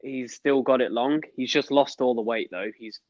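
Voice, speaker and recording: A man's voice: medium pitch, fairly even intonation, moderate pace, darkish tone, no echo, lo-fi sound. A young man co-hosting a casual chat, rambling with enthusiasm and swearing. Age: young adult. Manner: rambling, enthusiastic, swears, fillers like mate and bro. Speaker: podcast co-host.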